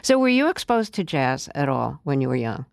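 A radio-style interview host who delivers a measured, informative introduction and then asks the guest questions. The voice is smooth and resonant. It is recorded close and dry, with no room sound. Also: medium pitch, big pitch swings, no room sound.

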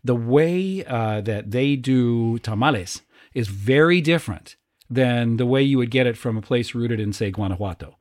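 A man hosts a relaxed conversation at a mid-range pitch. He sounds friendly and enthusiastic, and his talk stays easygoing and conversational. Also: moderate pace. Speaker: host. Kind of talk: casual chat.

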